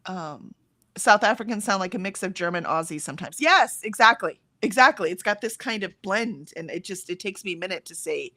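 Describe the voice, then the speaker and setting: A woman's voice: medium pitch, lively intonation, brisk, bright, forceful tone, no room sound. An American woman with a general, accentless American voice, chatting casually on a livestream, reading out chat comments with frequent ums. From United States. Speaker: livestream co-host.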